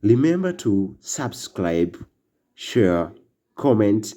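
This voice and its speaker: Slow, low-voiced male language teacher. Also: very animated, warm tone. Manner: slow, halting delivery with fillers, drilling words for repetition. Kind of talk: classroom-style language lesson.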